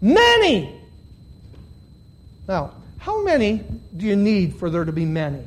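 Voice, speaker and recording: A preacher giving a live sermon to a congregation of about fifty, dropping to quiet, low questions and then rising to loud, shouted emphasis, drawing out key words. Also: a little fast. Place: church hall with about fifty listeners.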